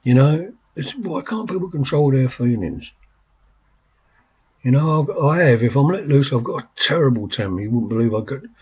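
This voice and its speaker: A man's voice: mid-range voice, animated, moderate pace, breathy edge. An older man rambling in casual talk, full of ums and restarts. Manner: meandering, many ums and restarts. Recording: slightly dull, lo-fi recording.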